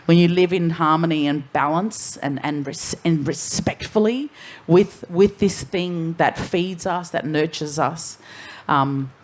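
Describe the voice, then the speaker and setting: A woman's voice: low-pitched, measured pace. An Australian woman speaking frankly on a festival panel, wandering through her points and swearing casually. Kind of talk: candid panel talk.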